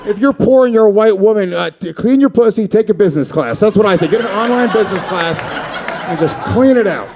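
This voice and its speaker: Man, 30s, stand-up comic, brash, profane, slightly high voice, loud laughing crowd. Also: lively intonation, a little fast. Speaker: stand-up comedian. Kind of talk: stand-up comedy set. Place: comedy stage before a live audience.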